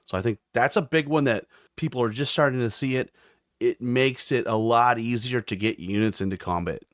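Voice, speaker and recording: A man's voice: mid-range voice, moderate pace, dry recording, studio quality. A man hosting a podcast, chatting enthusiastically and reading listener responses aloud. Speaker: podcast host. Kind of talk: casual chat.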